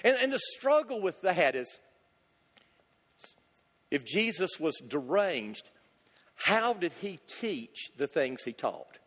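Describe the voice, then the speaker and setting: A man's voice: sits high, sing-song, slow, pauses often, a bit bright. A male pastor preaching a sermon, emphatic, driving points home with rhetorical questions and repetition. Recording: long hall reverb.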